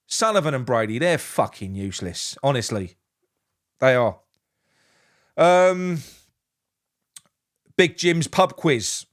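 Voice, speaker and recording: A man hosting a live football reaction stream, answering chat and venting his anger. He swears freely and often restarts his sentences. His voice sits a little higher than most men's. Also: a bit bright. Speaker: fan channel host.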